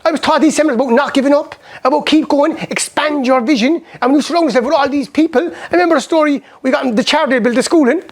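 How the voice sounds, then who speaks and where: Rapid-fire Irish motivational speaker man. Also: very high-pitched. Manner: rapid, animated storytelling that acts out past conversations. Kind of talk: motivational seminar talk with personal stories.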